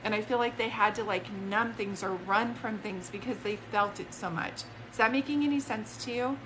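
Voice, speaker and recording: A woman's voice: medium pitch, moderate pace, background noise. A woman working as a psychic medium on a live stream. She rambles with emotion, breaks off mid-sentence, and speaks both to an unseen spirit and to a viewer, into a phone.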